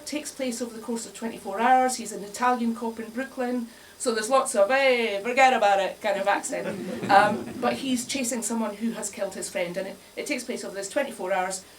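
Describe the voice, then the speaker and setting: A woman's voice: a little high, fairly quick, few pauses. Wry, laughing woman, heard from afar. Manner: wry, chatty, laughs often at her own jokes. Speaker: speaker at a live bar talk. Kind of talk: comic talk to a live audience. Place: bar, indoors, in front of an audience. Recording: distant mic with faint room noise.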